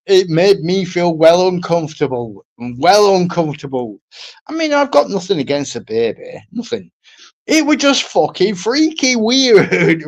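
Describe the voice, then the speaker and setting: A man talks in a loose, rambling monologue. His pitch swings widely, and he keeps breaking into laughter. He swears freely and repeats his points. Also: creaky. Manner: swears a lot, laughs between lines, repeats himself. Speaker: streamer.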